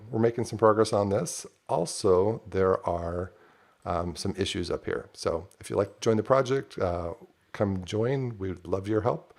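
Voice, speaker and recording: A man casually walking through a software demo on screen, talking loosely with lots of fillers. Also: low-pitched, gravelly. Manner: loose and conversational with frequent fillers. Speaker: software developer demoing a project. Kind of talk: casual screen-share tutorial.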